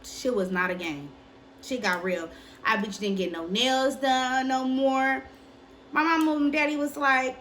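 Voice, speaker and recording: A young woman casually telling a personal story on her vlog, candid and profane, with lively delivery. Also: high-pitched, measured pace, slight background noise. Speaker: vlogger.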